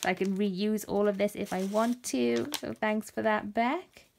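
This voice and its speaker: A woman's voice: mid-range voice, fairly even intonation, unhurried, gravelly, a little hiss or hum. A woman chatting casually as she unboxes craft mail, gasping and gushing with delight. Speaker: craft vlogger.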